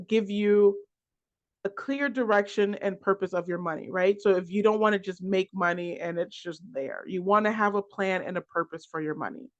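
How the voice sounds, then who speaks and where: A financial coach giving a class lecture, working through a list of points in a halting way with restarts and repeated words. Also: medium pitch, fairly bright tone. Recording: dull lo-fi recording.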